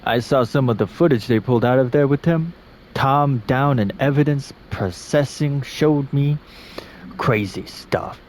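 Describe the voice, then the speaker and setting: A man's voice: medium pitch, unhurried, darkish tone, a little hiss or hum, lightly acted. A man voicing a chatty male office agent who gossips to a coworker in a put-on accent, loose and swearing. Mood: gossipy.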